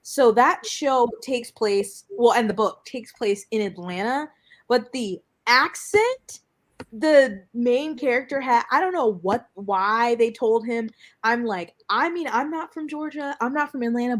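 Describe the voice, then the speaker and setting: A woman with a fairly high voice hosts a casual group chat. She talks in an animated, blunt way and swears freely while she gripes. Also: unhurried. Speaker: booktuber host.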